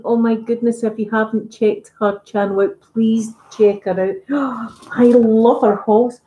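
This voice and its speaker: An ASMR YouTuber from Scotland chats casually on a live stream while ironing at home, rambling and poking fun at herself in her Scottish accent. Her voice is a little high and warm, with a steady tone and an unhurried pace with few pauses. The room sounds echoey.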